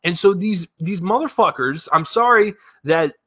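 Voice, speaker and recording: A man with a bright, forceful, slightly high voice reviews a film off the cuff. He talks in animated bursts, swears freely and rambles through fillers and restarts. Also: moderate pace, husky. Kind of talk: casual spoken movie review.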